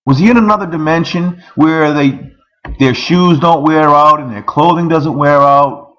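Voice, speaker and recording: A man's voice: a little high, moderate pace, a bit bright, highs cut off. A man in an angry, profane rant, firing off rhetorical questions. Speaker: vlogger.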